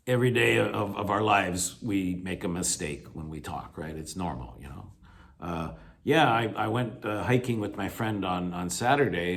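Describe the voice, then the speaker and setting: A man with a slightly low voice giving a recorded video lecture to his class. He explains step by step, circles back often with fillers and self-corrections, and leans hard on the key points. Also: moderate pace. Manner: emphatic, encouraging. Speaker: English teacher.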